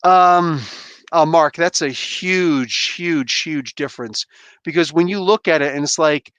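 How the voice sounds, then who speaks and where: A man in his thirties hosting a casual livestream chat from home on a headset mic, rambling and animated with lots of fillers and restarts. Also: a little high, unhurried, clear, resonant tone, no room sound. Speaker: livestream host. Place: home room. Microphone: gaming headset.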